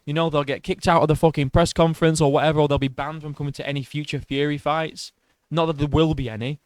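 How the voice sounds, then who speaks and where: A man's voice: on the high side, steady tone, fast, clean tone, dry recording. A man giving blunt, profane reaction commentary on boxing.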